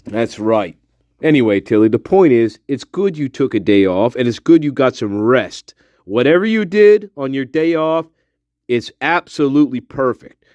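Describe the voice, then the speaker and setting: A man's voice: medium pitch, sing-song, normal speed, a little mellow, dry recording, lo-fi sound. A man hosting a casual livestream, talking to his viewers in a profane, emphatic pep talk. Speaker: livestream host.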